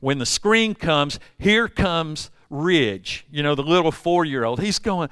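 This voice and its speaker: A man's voice: on the high side, animated, a little slow, few pauses, fairly bright tone, clear, resonant tone, dry recording, studio quality. An older man preaching a sermon, telling folksy stories and acting out voices. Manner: folksy storytelling with acted-out voices. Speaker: pastor.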